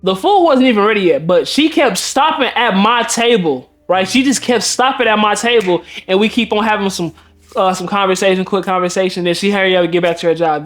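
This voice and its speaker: A man, a dating coach, telling a personal story in a slangy, laid-back way that breaks into laughing outbursts. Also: sits high. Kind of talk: casual storytime monologue.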